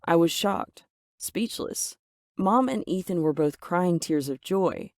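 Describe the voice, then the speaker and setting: A woman narrating a first-person story in an even, measured way, voicing the quoted lines herself. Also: fairly low pitch, no room sound, clean studio sound.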